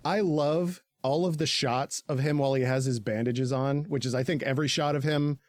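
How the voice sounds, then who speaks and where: A man co-hosting a podcast, recapping an anime in casual, profane chat, laughing often and jumping into squeaky character voices. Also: steady tone, a little fast, dry recording, studio quality.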